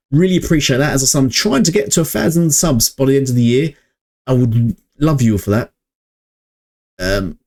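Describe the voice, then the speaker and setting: This man's voice is mid-range with a darkish tone as he hosts a relaxed gaming opinion vlog from home, recorded on a budget microphone. He wanders and falters, uses plenty of filler words, and laughs softly between his points.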